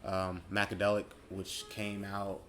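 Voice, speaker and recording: Late-20s male host, low voice, loose reflective monologue, rambling and self-correcting. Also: completely flat delivery, a little slow, fairly bright tone, a little hiss or hum. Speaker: podcast host.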